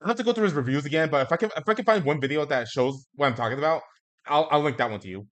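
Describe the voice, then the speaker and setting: A man's voice: fairly high pitch, animated, racing, a bit bright. A man hosting a casual talk stream, speaking hesitantly with frequent restarts. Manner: hesitant, many fillers and restarts. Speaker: host. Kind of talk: casual chat.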